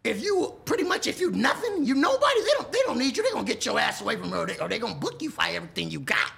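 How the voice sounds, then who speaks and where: A gravelly man with a very lively voice that leaps up and down in pitch, holding forth as an interview guest. His tone is bright and forceful, and he talks in loud, profane street slang. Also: rapid-fire. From Texas. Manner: loud, animated street talk with frequent profanity. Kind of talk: casual interview chat.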